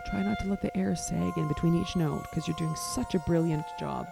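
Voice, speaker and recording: A woman's voice: fairly low pitch, fairly even intonation, brisk, vocal fry, hardly any pauses. A woman giving live feedback to a concert band, encouraging them and singing phrases to show how they should sound. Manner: encouraging, sings phrases to demonstrate. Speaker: band adjudicator. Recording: loud band music behind voice. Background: concert band playing.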